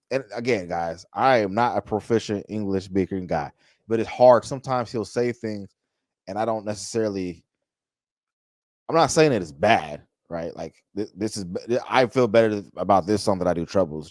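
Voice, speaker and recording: Deep-voiced man reacting to a song. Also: dry recording. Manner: loose and chatty, with many restarts and hype phrases; talks straight to the viewers. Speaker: music reaction host. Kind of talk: casual music reaction commentary.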